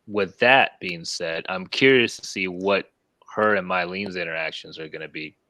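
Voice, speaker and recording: A man co-hosting a casual review chat, making measured points. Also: low-pitched, sharp tone, no room sound. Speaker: podcast co-host.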